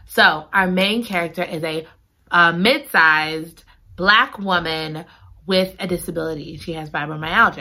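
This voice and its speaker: This woman, a book reviewer, has a lowish voice with a sharp tone. She chats casually about a romance novel, reviewing it in a dramatic, gushing way.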